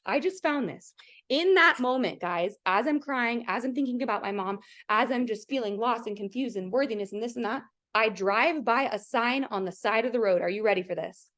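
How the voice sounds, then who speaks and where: Her voice sits fairly high and sounds fairly bright, and she talks a little fast. On a video coaching call she hosts, she shares a heartfelt personal story with earnest chattiness, leaning heavily on "like" and addressing her audience directly with questions.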